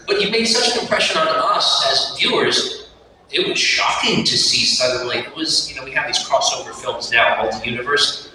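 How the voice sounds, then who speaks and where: A man's voice: medium pitch, lively intonation, moderate pace, pushed and bright, distant mic. Man moderating a panel in an echoing hall. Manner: rambling, self-correcting questions. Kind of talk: casual interview questions. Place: large convention hall. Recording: echoey hall with crowd noise.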